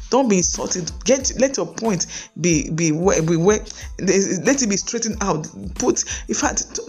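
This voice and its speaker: A middle-aged Nigerian woman gives pastoral marriage advice on her podcast, pleading and earnest, circling back over her own words. Her voice carries a gravelly fry, with soft music running faintly underneath. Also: fairly low pitch. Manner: earnest, pleading, repeats and restarts phrases. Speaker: marriage counselor, podcast host.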